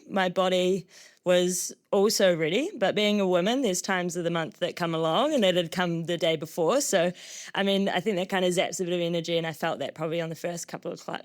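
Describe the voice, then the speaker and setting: Bubbly young New Zealand woman. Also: fairly low pitch. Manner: bubbly, self-deprecating, lots of fillers. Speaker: guest trail runner. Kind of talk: live show interview.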